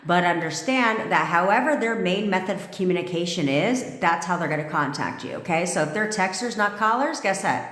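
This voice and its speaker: A woman coach hosts a live stream in a brash, bossy, swearing way, firing out commands and answering viewers' comments. Her voice sits a little low. The room is echoey, with a long reverb tail behind her. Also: animated, fairly quick, few pauses, fairly bright tone. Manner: reads live comments aloud. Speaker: manifestation coach.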